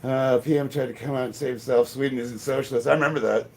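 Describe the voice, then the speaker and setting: A man's voice: medium pitch, steady tone, fast, creaky, a little mellow. A man in his fifties chatting bluntly and profanely between lifts in his home gym, laughing often. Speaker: strength training vlogger. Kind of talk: casual rambling chat while lifting.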